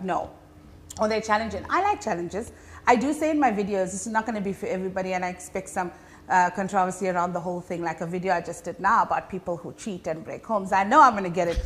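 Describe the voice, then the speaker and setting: A woman with a South African Indian English accent, a comedian being interviewed, telling stories in an animated, chatty way with many fillers. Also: mid-range voice. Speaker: comedian guest. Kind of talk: casual interview chat.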